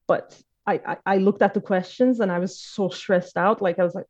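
A woman's voice: on the low side, steady tone, normal speed, hardly any pauses, a little mellow. A woman in her late twenties telling a personal story in casual conversation, hesitant, with many fillers and restarts. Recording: dull lo-fi recording.

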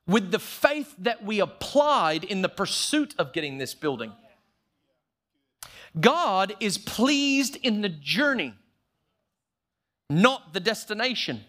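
A man with a notably high voice preaches with conviction, leaning hard on key words and drawing them out slowly. Now and then he drops lower to act out a short quoted prayer. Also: big pitch swings, a bit bright. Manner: emphatic preaching, slowing down to stress key phrases. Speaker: pastor. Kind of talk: sermon.

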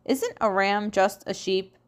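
A woman's voice: mid-range voice, measured pace, close to an everyday voice. A woman voicing a curious young schoolboy who keeps asking puzzled questions in a storybook reading.

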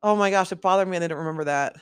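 A young adult co-host chatting casually, quick to giggle and fond of loose swearing. The voice sits at an average pitch, and the recording is close and dry, with no room sound. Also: smooth, no echo. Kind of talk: casual chat.

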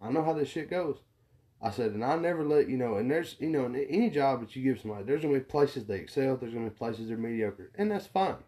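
A man's voice: mid-range voice, fast talker. Profane man telling a work story. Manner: profane, animated storyteller who acts out quoted people. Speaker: podcast co-host. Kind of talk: casual storytelling chat.

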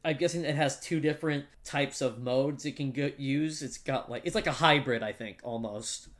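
A man's voice: medium pitch, normal speed. A man co-hosting a casual podcast, reading out movie facts and joking around, laughing often and restarting his sentences. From United States. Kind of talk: casual chat.

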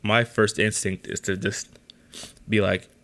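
A man's voice: on the low side, flat delivery, measured pace, fairly bright tone, slight background noise. A young man hosting a podcast, telling a story in a casual rant, exasperated and full of swearing. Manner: exasperated, profane ranting. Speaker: podcast host.

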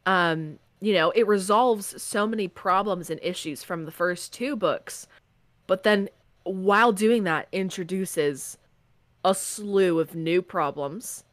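A woman's voice: fairly low pitch, slow pace, no room sound. A young woman co-hosting a casual book podcast, acting out her reactions dramatically. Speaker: podcast co-host.

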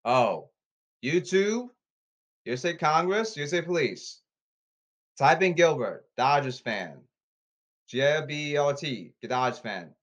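A man rambling to his audience, reading rules off his phone and repeating himself insistently, with halting restarts. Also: on the high side, expressive, fairly bright tone, highs cut off. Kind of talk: rambling monologue to camera.

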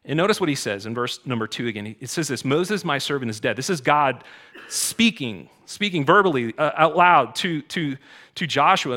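A man preaching a sermon in a conversational way, dropping to quiet asides and rising to loud exhortations. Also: a little high, lively intonation, moderate pace. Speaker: pastor.

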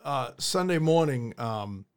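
A man co-hosting a podcast in casual chat, rambling in a self-deprecating way with halting restarts. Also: mid-range voice, lively intonation, smooth. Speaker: podcast co-host.

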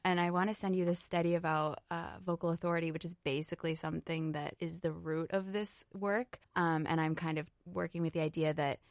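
Podcast host, woman, lowish dry voice, measured and thoughtful. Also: steady tone, no room sound. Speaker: podcast host presenting her research. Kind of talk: casual explanatory chat.

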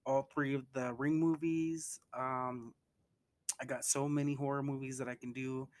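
Casual, profane man recapping a movie. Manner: loose and profane, acts out quotes with big pitch jumps. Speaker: movie reviewer.

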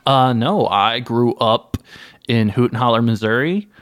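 This is a man improvising a comedy interview. He tells absurd stories with a straight, mock-earnest delivery. His pitch sits mid-range, and the dry, close sound has no room in it. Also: measured pace, fairly bright tone, no echo. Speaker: guest playing an anime creator.

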